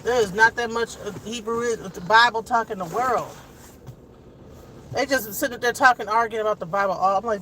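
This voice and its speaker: Rambling, heartfelt mom in her forties talking to camera while driving, steady road noise. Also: a little high, moderate pace, rough recording. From Detroit. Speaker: vlogger and mother. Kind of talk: casual chat to camera. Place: inside a car on a school run. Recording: car road noise behind.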